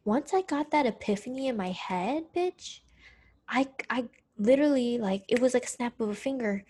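A woman's voice: fairly high pitch, normal speed, slightly rough. Young woman telling a candid story. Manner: candid, profane, animated retelling. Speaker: podcast co-host. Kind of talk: casual storytelling chat.

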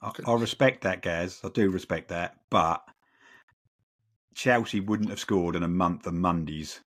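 A man's voice: low-pitched, measured pace, a bit bright. A man co-hosting a football podcast, talking in rambling casual chat full of repeats and "you know". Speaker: podcast co-host.

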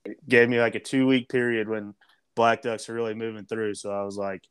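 A man's voice: lowish voice, flat delivery, brisk, fairly bright tone, clean tone. A man hosting a casual podcast chat, easygoing and asking his guest questions.

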